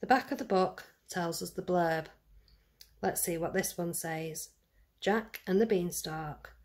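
A woman reading a fairy tale aloud to children, gentle and speaking to them directly. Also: on the low side, unhurried. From United Kingdom. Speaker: storyteller for children. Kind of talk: read-aloud storytelling.

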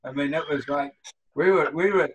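The recording is low quality, and the speaker's voice runs a touch high at regular speed. A seventy-ish retired runner with a New Zealand accent, he guests on a casual interview, drifting through stories and dramatizing the dialogue.

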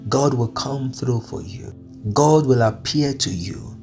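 A man's voice: medium pitch, slow, over music. A man delivering an earnest, pleading devotional sermon, repeating his phrases as he speaks. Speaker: preacher. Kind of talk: devotional sermon over music.

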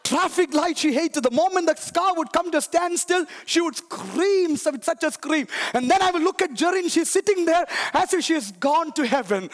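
A middle-aged man pastor preaching a sermon in a church, often shouting with emphasis and calling the congregation to respond. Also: very high voice, animated, fairly quick, few pauses, in a large hall. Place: church sanctuary.

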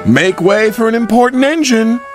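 A man's voice: very high-pitched, moderate pace, music in the background, voice pushed up. A man voicing a vain, boastful male engine who talks haughtily. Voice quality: haughty, sneering.

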